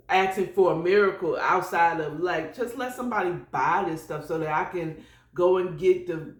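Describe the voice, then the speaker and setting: Slow-talking woman in an echoey room. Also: fairly low pitch. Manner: rambling, chatty, sprinkled with prayerful asides. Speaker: podcast host. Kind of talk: casual solo morning chat.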